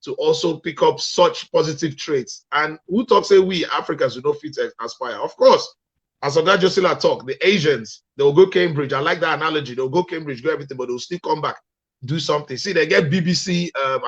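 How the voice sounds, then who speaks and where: A man's voice: fairly high pitch, a little fast, breathy edge, muffled recording. A man with a Nigerian Pidgin accent, a guest on a radio interview, speaking earnestly and reflectively.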